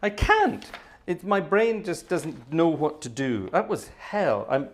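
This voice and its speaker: A man's voice: on the high side, big pitch swings, a little slow. Flustered man hosting an organ stream. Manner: self-deprecating, flustered, sighing. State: sweaty and exhausted. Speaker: organist and livestream host. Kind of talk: casual live-stream chat between pieces.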